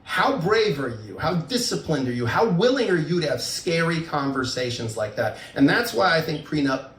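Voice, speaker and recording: A man's voice: on the high side, moderate pace, far from the mic. A middle-aged man, a divorce lawyer, giving relationship advice in casual podcast talk and acting out the voices in his stories. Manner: animated storyteller, acts out quoted voices. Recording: roomy sound, voice a bit off mic.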